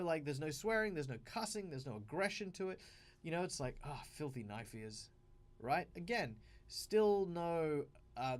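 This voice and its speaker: Animated Australian man giving game advice. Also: a little high. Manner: animated and emphatic, with frequent fillers and restarts. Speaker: tabletop game advice host. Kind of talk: casual advice monologue.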